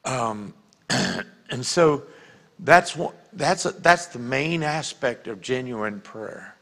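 An older man with a Louisiana accent delivers a sermon from a church pulpit. His voice has a gravelly edge at an everyday pitch. He talks earnestly, like someone telling his own story, and gets quiet and intimate when it matters. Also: expressive, takes it slowly. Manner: earnest storytelling, drops to a quiet hush for emotional moments. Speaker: pastor. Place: church sanctuary.

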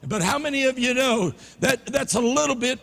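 A pastor with a Louisiana Southern accent preaching a sermon in a church sanctuary, swinging from low murmurs to loud emphatic peaks. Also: male voice, moderate pace, vocal fry. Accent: Louisiana Southern American. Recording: reverberant church hall.

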